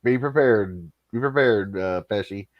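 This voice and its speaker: A man's voice: lowish voice, measured pace, dull audio. A man hosting a casual live stream, talking in a loose, joking and profane way. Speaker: host.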